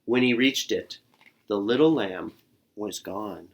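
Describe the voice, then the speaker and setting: A man reading a children's picture book aloud, expressive and adding little sound effects. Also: on the low side, slow pace. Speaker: storyteller.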